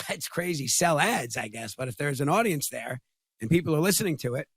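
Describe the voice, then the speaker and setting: A middle-aged man talking as a podcast guest in casual conversation, halting and often repeating his words. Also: a little high, animated, husky, no room sound.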